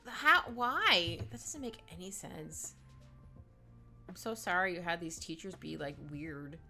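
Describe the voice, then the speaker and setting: Bright-voiced woman streamer chatting casually. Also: lowish voice. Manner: chatty, reads chat aloud, laughs often, trails off while drawing. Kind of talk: casual live-stream chat while drawing.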